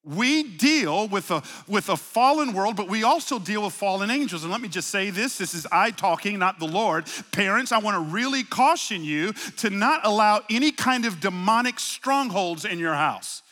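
A middle-aged man preaching in a high, ringing voice that carries a lot of edge and brightness. He talks through his sermon like a story, punching key words loudly, then dropping to hushed, low asides. The sound is a live recording with long reverb trailing off the walls of a large sanctuary. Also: expressive, normal speed, few pauses. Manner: conversational preaching with anecdotes, swings from loud emphasis to low asides. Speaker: pastor.

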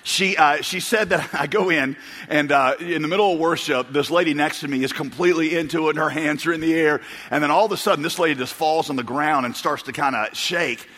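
A male pastor's voice, somewhat high, brisk, and a bit bright, fills a church auditorium with long hall reverb. He's preaching and telling funny stories in a rambling fashion, with chuckles and restarts throughout.

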